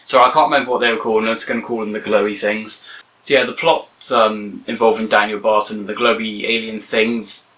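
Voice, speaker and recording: A man's voice: lowish voice, steady tone, fast talker, fairly bright tone, recorded from a distance, poor audio. A young man giving a casual, rambling spoken review, often correcting himself. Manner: rambling, self-correcting, chatty. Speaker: video reviewer.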